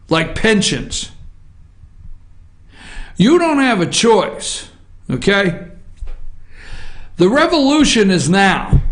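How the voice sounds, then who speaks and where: High-pitched, fired-up male talk host. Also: a bit bright. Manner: fired-up, emphatic ranting with repeated refrains. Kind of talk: political opinion monologue.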